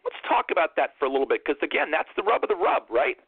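A man's voice: a little high, wildly swooping pitch, fast talker, creaky, breathy edge, dry recording. A man hosting a political talk radio show, lecturing emphatically and repeating phrases for impact. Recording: narrow phone-like dry sound.

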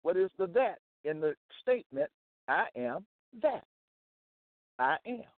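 A man teaching from scripture in a slow, deliberate way, repeating phrases and checking in with "okay?" and "all right?". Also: high-pitched, big pitch swings, no echo. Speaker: self-styled Bible teacher. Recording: tinny phone-like dry sound.

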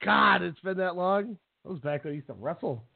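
A man co-hosting a podcast in casual chat, laughing often and telling animated stories. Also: high-pitched, brisk, creaky, no echo. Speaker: podcast co-host. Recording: tinny phone line, dry.

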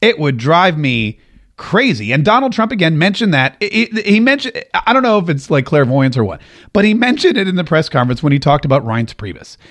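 A man's voice: fairly high pitch, big pitch swings, fairly quick, fairly bright tone. A man hosting a political commentary show, talking casually and animatedly, often stumbling over and repeating words.

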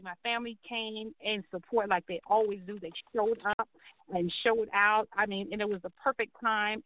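A woman telling her life story as an interview guest, animatedly acting out the voices of people she quotes. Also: medium pitch. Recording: tinny phone-like call audio.

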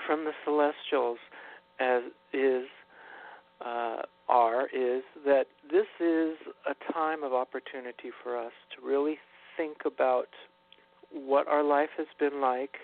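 A man giving a slow, earnest spiritual message on a radio talk show, with many pauses and fillers. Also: medium pitch. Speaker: guest minister. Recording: tinny phone line.

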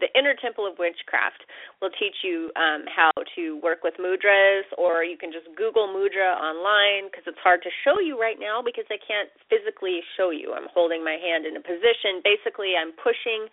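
A woman's voice: lowish voice, brisk, no room sound, narrow, tinny audio. A woman hosting a spiritual self-help podcast, talking casually and chattily, laughing often and slipping into playful dramatic asides. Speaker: podcast host.

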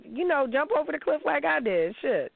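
A woman's voice: sits high, moderate pace, creaky. A woman hosting a casual call-in show, blunt and profane. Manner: blunt, profane, animated storytelling. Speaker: podcast host. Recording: tinny phone-line sound.

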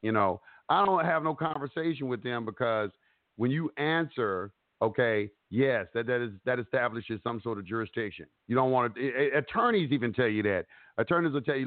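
A man's voice: mid-range voice, brisk, no echo. Man talking over a tinny phone line. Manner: animated, repetitive, acts out courtroom speeches. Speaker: host giving advice. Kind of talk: casual instructional chat. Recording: dry tinny phone-like audio.

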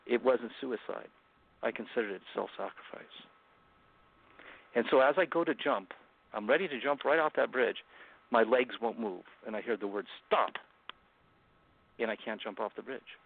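Guest author, male, gravelly voice, earnest halting delivery, tinny call audio. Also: medium pitch. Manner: earnest, halting retelling with many restarts. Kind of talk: personal storytelling in an interview. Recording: phone-like remote call line.

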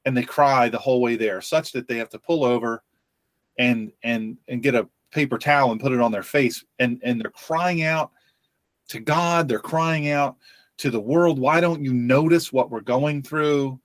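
A man's voice: medium pitch, no room sound. Give me an earnest man hosting a faith talk show, stumbling and restarting, in a dry, close sound. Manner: earnest, halting with many restarts. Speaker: podcast host. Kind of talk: faith-based conversation.

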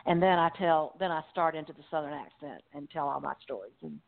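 Woman author guest, mid-pitched, rambling and easygoing, laughs easily, phone-line sound. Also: lively intonation, brisk, creaky. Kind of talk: casual interview chat. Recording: phone-line interview audio.

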